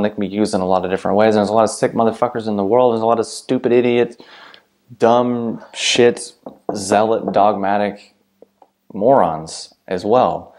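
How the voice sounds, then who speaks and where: A man's voice: fairly low pitch, a little mellow. A man talking to camera in a meandering, blunt, profane solo monologue with many fillers. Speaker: video host.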